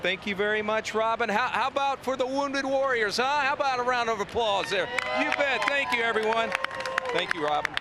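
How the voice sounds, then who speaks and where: A man's voice: very high voice, expressive, brisk, noisy background. A man reporting from the ballpark and interviewing a guest, upbeat and announcing. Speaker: in-game reporter. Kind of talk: on-field interview.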